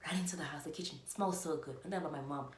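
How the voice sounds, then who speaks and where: A woman's voice: sits low, very fast. Chatty young South African woman, echoey room. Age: early 20s. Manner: chatty, animated, many "like" fillers. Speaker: vlogger. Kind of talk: casual storytime. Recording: echoey room, faint background noise.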